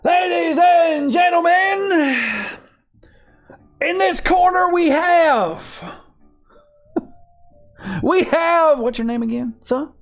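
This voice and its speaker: A man voicing a showy saloon fight announcer who booms and drags out his words. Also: animated, soft background music, exaggerated voice. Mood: booming. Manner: booming, drawn-out announcer shouting. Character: showy male ring announcer host with a cane.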